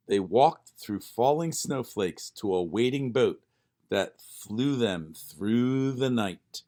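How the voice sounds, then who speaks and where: A man reading a children's storybook aloud with expressive narration. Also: mid-range voice, slow. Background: faint music.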